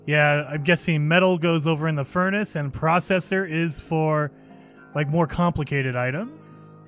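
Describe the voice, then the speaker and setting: A man hosting a gaming channel, giving excitable let's play commentary and thinking aloud as he plays. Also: fairly high pitch, a little slow, soft background music.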